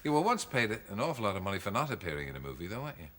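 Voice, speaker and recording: A man's voice: on the low side, very animated, racing, very noisy. A man hosting a television talk show, asking teasing questions of his guest. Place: television studio.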